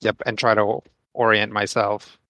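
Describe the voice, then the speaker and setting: A man taking part in a tabletop game, speaking with a fairly low voice. He talks hesitantly, stopping and restarting often, and his voice comes through dry and close. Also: level tone, bright, forceful tone, no room sound. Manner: hesitant, halting, with fillers. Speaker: player.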